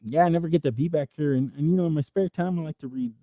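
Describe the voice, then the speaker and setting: A man's voice: fairly high pitch, quick pace, dry recording, narrow, tinny audio. A man hosting a livestream, reading chat and riffing through improvised comic rambles that swear freely.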